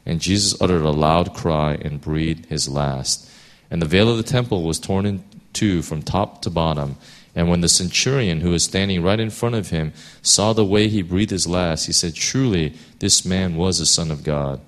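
A man with a very low, deep voice reads scripture aloud at a steady pace. When he moves on to preaching, he talks loosely, with fillers and restarts as he works his thoughts out. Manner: steady reading, then halting with many fillers. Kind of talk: scripture reading then sermon.

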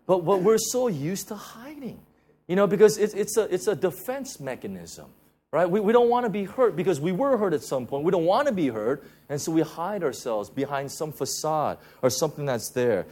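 A man preaching a sermon in a conversational style, full of "you know" fillers and repeated restarts, going soft and low when he speaks of grace. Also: big pitch swings, normal speed, slightly rough. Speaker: pastor.

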